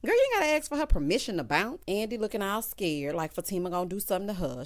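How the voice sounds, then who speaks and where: A woman hosting a casual TV recap, talking in a sassy, animated way and laughing often. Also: lowish voice, fast, few pauses. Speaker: TV recap host. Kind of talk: casual review chat.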